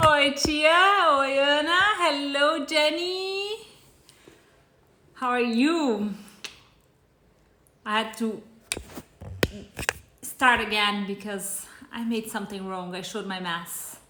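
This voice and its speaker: A woman with a Brazilian accent chats her way through a live cooking stream at a slow, easy pace, greeting viewers by name. Her voice is bright and a little high. The room has a noticeable echo. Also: a little hiss or hum. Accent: Brazilian Portuguese. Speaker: cooking show host. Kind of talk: casual live-stream chat.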